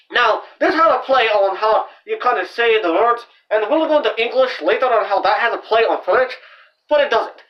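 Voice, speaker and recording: A young man hosting his own channel, explaining language in a loose, rambling way full of fillers and restarts. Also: high-pitched. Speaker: channel host. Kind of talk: casual amateur language explainer. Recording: dull, distant lo-fi home recording.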